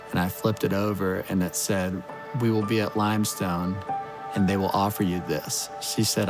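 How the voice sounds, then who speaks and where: A man in his thirties tells an earnest personal testimony in a gravelly, creaky voice. He speaks with open emotion about faith and family. A clear music bed runs underneath. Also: on the low side. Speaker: former college baseball coach.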